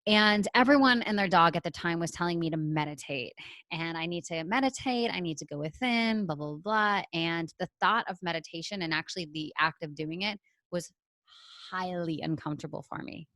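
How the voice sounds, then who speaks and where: A woman from Canada, a podcast guest telling a personal story in a lively way and acting out what she said back then. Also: fairly low pitch, brisk, no room sound, rough recording. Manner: animated, acts out her own past lines. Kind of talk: storytelling interview answer.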